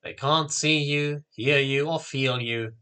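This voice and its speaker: A man voicing an ancient, kindly wizard who speaks quietly and calmly. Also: on the high side, clean tone. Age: older. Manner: quiet, unhurried, reassuring. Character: ancient wise male wizard, calm and kindly.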